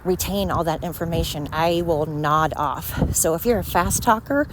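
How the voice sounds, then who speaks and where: Woman, podcast host, out of breath outdoors, scattered and self-deprecating, lowish voice, faint background noise. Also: normal speed. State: out of breath from walking uphill. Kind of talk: rambling solo podcast. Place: outdoors on a night walk by a road.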